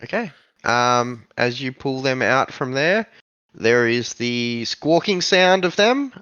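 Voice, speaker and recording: Man, game master, animated narration, bright tone, lots of fillers, dry dull home mic. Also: mid-range voice, slow pace, clear, resonant tone, dry recording.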